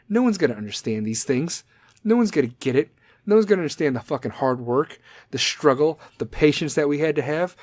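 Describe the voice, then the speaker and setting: A man's voice: high-pitched, a little mellow, no room sound. A man in his forties hosting a solo comedic podcast, swearing constantly as he rambles in a sarcastic rant. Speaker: podcast host.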